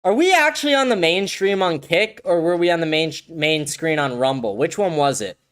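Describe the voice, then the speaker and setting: A young man hosting a casual livestream from home, blunt and profane, ranting and breaking into excited shouts. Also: on the high side, normal speed, clean tone. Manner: animated, bursts of excited shouting. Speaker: livestream show host. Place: home, with a dog nearby.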